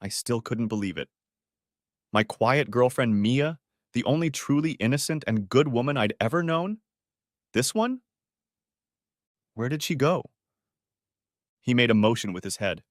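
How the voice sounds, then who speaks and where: A man narrating a dramatic first-person story in an expressive storytelling manner. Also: medium pitch, normal speed, no echo, studio quality. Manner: expressive, switching between characters' first-person accounts.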